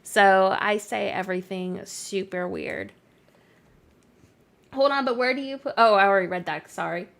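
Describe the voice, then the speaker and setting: A woman's voice: medium pitch, moderate pace, creaky, fairly bright tone. A young-sounding woman from Canada with an accent mixing Canadian and Southern American, chatting casually on a live stream and answering her chat, with lots of "like" fillers. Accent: Canadian mixed with American Southern. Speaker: game streamer.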